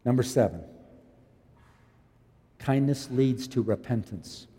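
A man's voice: medium pitch, expressive, takes it slowly, husky. Man preaching in a reverberant hall. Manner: impassioned preaching, rising loud then dropping quiet. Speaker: pastor. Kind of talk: sermon.

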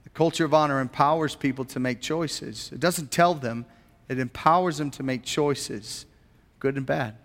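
A man's voice: mid-range voice, moderate pace, fairly bright tone, long reverb tail. A man preaching a sermon as a pastor, earnest and posing rhetorical questions to his congregation in a church.

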